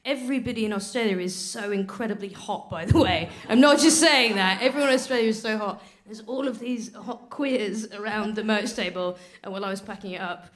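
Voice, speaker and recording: A woman's voice: mid-range voice, fairly quick, few pauses. A woman co-hosting a live comedy podcast on a theatre stage, telling wry, laughing anecdotes. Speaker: podcast co-host. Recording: live theatre recording with crowd noise.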